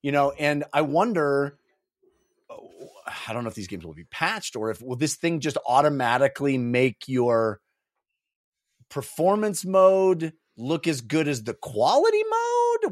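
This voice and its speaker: Brief: an animated male co-host, lively and slightly high, dry close mic. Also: unhurried, no echo. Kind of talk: casual discussion.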